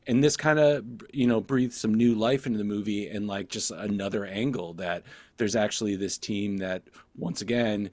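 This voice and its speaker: A man's voice: fairly low pitch, normal speed, a little mellow, no echo. A man co-hosting a casual film discussion, rambling loosely with plenty of fillers.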